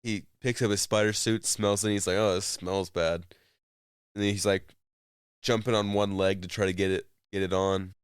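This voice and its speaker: Deep-voiced man recapping a game. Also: flat delivery, a little fast, clear, resonant tone, dry recording, studio quality. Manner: rambling retelling with fillers and laughs. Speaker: co-host. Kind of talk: casual chat.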